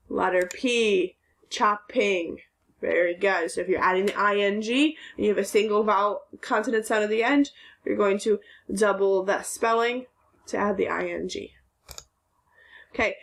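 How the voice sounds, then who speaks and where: A woman's voice: mid-range voice, a bit bright. A woman teacher giving a recorded phonics lesson for young children, patiently sounding out words syllable by syllable.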